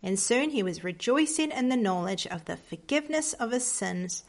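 A woman teaching a devotional lesson, telling hymn history and reading moral stories in a gentle, earnest way. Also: fairly high pitch, animated, moderate pace, few pauses. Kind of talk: storytelling lesson for children.

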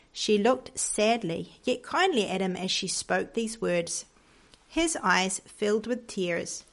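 A woman teaching a devotional lesson, telling hymn history and reading moral stories in a gentle, earnest way. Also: mid-range voice, measured pace, gravelly. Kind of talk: storytelling lesson for children.

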